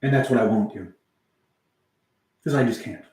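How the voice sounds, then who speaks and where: A man's voice: lowish voice, moderate pace, darkish tone. Rambling young-sounding man in an echoey room. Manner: rambling, meandering, swears casually, answers chat. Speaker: music livestreamer. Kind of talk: rambling casual livestream chat.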